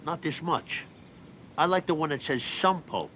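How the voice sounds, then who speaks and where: An actor playing a gruff, irritable mob boss husband in a TV drama, grumbling. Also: male voice, a little high, measured pace, lightly acted. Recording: noisy TV scene audio.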